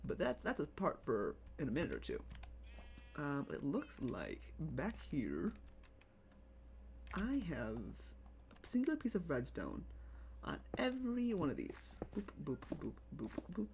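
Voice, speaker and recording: A live streamer chatting casually over gameplay, excitable, repeating phrases and cooing over pets. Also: mid-range voice, a little slow, long pauses.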